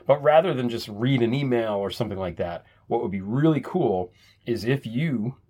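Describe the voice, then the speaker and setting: A man's voice: medium pitch, animated, moderate pace, mellow, slightly rough. A man hosting his own podcast, talking casually and chattily, often restarting his sentences. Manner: chatty, self-deprecating, repeats words when restarting. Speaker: podcast host.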